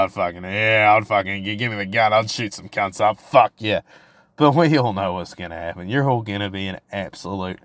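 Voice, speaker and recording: A man's voice: mid-range voice, no echo. Young kiwi bloke swearing his way through a podcast rant, crude and cocky, dead dry sound. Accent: New Zealand. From New Zealand. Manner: crude, profane and provocative, full of restarts. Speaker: podcast host. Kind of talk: casual solo podcast rant.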